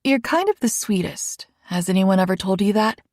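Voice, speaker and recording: Breathy sweet young woman, teasing her guy, done by a man reading a romance story, kinda high, dry sound. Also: lively intonation, moderate pace, no room sound. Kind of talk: audiobook narration.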